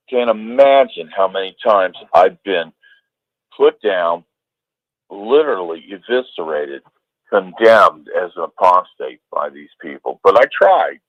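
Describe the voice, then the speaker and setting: A man's voice: low voice, dry recording. Man ranting heatedly over a phone line. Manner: emphatic, heated, swears. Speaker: caller. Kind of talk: call-in ranting.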